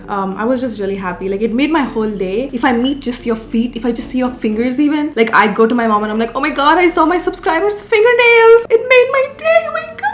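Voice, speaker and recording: A woman in her twenties, a beauty vlogger, chatting casually as she does her makeup, swearing freely and telling stories with animation. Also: medium pitch. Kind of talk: casual get-ready-with-me chat. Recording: echoey room.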